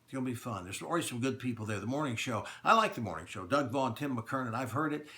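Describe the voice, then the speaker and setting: Fast and forceful, with lively intonation and a bright, medium-pitched voice, a middle-aged radio talk show host makes a plainspoken announcement directly to his listeners. He leans on repetition to stress what matters.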